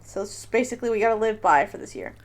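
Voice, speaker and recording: A woman hosting a casual personality quiz, playful and quick to laugh, reading options off a list. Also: mid-range voice, lively intonation. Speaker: host running a personality quiz. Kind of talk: casual chat.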